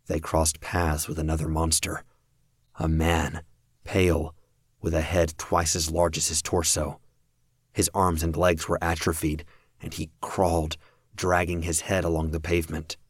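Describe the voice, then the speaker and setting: A man reading a fan audiobook in a very deep, unhurried voice. His delivery is steady and measured, and the recording is dry and close. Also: breathy edge, no echo. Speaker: audiobook narrator.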